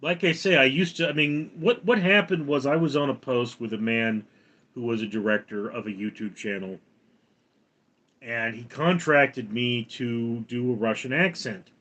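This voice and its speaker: A man hosting a casual livestream, rambling with halting restarts. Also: medium pitch, a bit bright. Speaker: livestream host.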